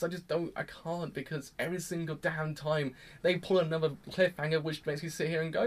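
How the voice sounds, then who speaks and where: An excitable man talks through an anime episode in a casual review, voice sitting a bit high for a man. He rambles, restarts his sentences and breaks into exclamations. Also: a little fast.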